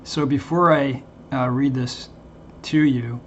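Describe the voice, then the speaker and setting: Earnest guy talking to his viewers, kinda flat, stops and restarts a lot, faint hiss behind. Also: medium pitch, highs cut off. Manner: halting, earnest, with repeated restarts. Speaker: Christian YouTube channel host. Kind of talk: earnest casual monologue to viewers.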